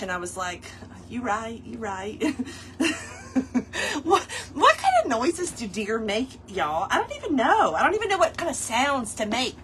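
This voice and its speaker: A high-voiced woman hosts a casual craft session and chats playfully with her audience. Her tone is bright and lively. A faint hiss of room noise sits under her voice. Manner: playful, chatty, talks straight to viewers and chat, laughs often. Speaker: craft tutorial host. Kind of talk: casual chatty craft livestream.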